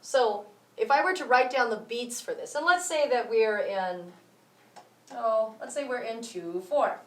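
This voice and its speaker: Counting beats aloud as she goes, a woman explains a music rhythm lesson step by step. Her voice is a little high, animated and fairly bright, and she speaks a little slowly. The recording has a roomy echo and places her some way from the mic.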